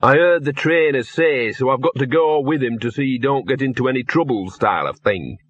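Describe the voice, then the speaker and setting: A man's voice: medium pitch, a little fast, slightly rough, dry recording, lightly acted. A man voicing a scruffy, streetwise male talking dog with a coarse, cheeky manner in a storybook reading. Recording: dull lo-fi audiobook recording.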